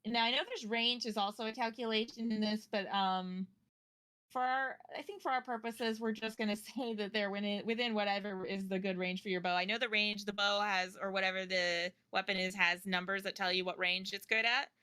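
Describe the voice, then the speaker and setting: A woman's voice: mid-range voice, steady tone, a little fast, bright, forceful tone, smooth, dry recording. A woman narrating a tabletop game as game master, casual and loose with fillers and restarts.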